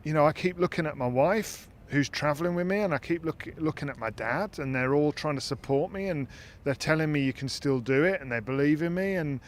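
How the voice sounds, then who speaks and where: Man, podcast host, casual discussion, thoughtful, halting restarts. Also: a little high. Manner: thoughtful, repeats words while searching for phrasing.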